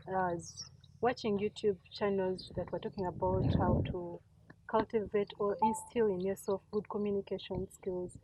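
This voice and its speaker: A woman's voice: mid-range voice, mellow, dull audio. A woman co-hosting a casual panel chat, speaking reflectively and often repeating herself. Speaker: podcast co-host. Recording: slightly distant mic, faint noise.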